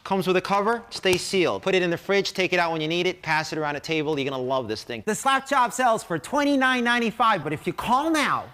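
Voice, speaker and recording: A middle-aged man pitching a kitchen gadget in a brash, joking infomercial patter. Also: expressive, fast talker, few pauses, bright, forceful tone. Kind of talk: fast-talking infomercial demonstration.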